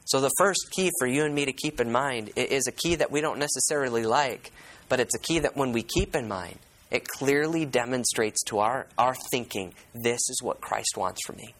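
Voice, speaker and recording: Man, pastor, sermon, mid-pitched voice, reads scripture aloud, explains verse by verse, questions the congregation. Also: moderate pace, fairly bright tone, low-quality recording. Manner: questions the congregation and repeats key words.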